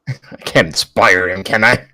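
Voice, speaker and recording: A man's voice: on the low side, bright, forceful tone, low-quality recording. A man playing in a tabletop role-playing game, asking hesitant questions about his turn. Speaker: player.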